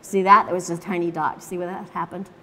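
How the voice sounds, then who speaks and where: A woman's voice: lowish voice, level tone, quick pace, sharp tone, slight background noise. A woman teaching watercolor in a live demonstration, chatting through each step as she paints and laughing easily as she tells stories. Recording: long reverb in a large room.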